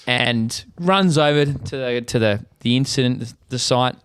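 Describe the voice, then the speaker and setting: A man with an Australian accent, co-hosting a podcast and telling stories in a casual, animated way, with plenty of swearing. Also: mid-range voice, a little slow, clean tone, dry recording, studio quality. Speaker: podcast co-host. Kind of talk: casual storytelling chat.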